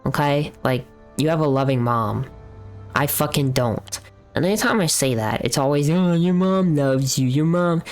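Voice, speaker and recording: A young adult streamer chatting casually while gaming, telling a story in blunt, profane language that turns into heated ranting. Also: mid-range voice.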